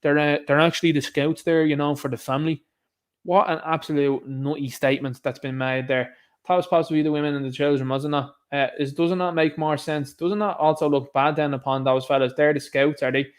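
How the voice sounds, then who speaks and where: An Irish man with a fairly high-pitched voice talks straight to camera in a solo commentary. His delivery is sarcastic and scoffing, full of rhetorical jabs. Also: fairly even intonation, a little fast, smooth. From Ireland. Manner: sarcastic, scoffing, mocks others in put-on voices. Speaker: online commentator.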